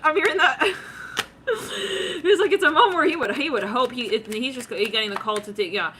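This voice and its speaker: A woman's voice: on the high side, big pitch swings, brisk, heavy background noise. A woman doing a tarot reading in a slangy, giggly way, acting out what she senses with lots of "it's like". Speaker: tarot reader.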